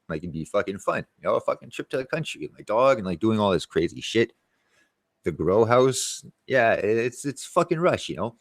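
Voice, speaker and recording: Low-voiced man telling a profane story. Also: dry recording. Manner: profane, rambling, quotes people in raised voices. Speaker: channel host. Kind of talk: casual storytelling monologue.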